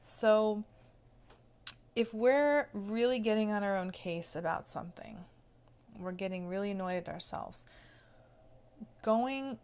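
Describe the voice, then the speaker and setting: A woman speaking as a self-love coach, explaining in a gentle, casual teaching manner and often checking in with the listener. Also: mid-range voice, slow pace, long pauses, clean tone.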